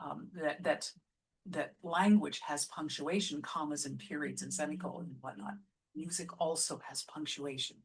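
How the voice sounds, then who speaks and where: Husky-voiced woman explaining patiently. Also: low voice. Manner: explains patiently, often restarts mid-phrase; sounds out example lyric lines slowly with stress. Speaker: musical theatre artistic director. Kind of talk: casual teaching vlog.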